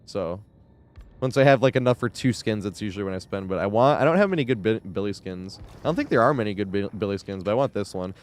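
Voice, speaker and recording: A man talks through a live game stream in a loose, rambling way. His voice sits on the lower side and sounds smooth and clear. He laughs often and swears freely as he chats. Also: lively intonation, fast talker. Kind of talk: casual live-stream chat.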